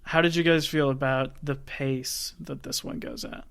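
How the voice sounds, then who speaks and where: A man's voice: medium pitch, steady tone, moderate pace, gravelly, fairly bright tone. A man hosting a podcast, running through film facts and figures in casual chat. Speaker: podcast host.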